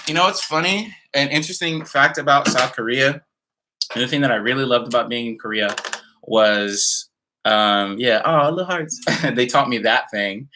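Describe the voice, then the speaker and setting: A man hosts a casual home livestream, relaxed and full of slang as he reads out viewer comments. His voice has a bright, forward edge, and he sits at middle pitch for a man. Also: normal speed, a little hiss or hum. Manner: laid-back, slangy, reads out chat comments. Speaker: musician streaming a live Q&A. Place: home, in Nashville.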